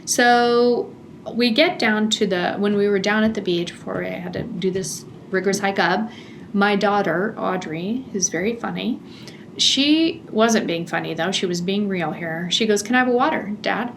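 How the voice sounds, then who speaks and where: This is a middle-aged woman hosting her own podcast and recounting a family trip. She talks in a chatty, animated way and laughs often, in a mid-range voice. A faint background noise sits under the recording. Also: mid-range voice, a little slow, vocal fry. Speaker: podcast host. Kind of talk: personal storytelling monologue.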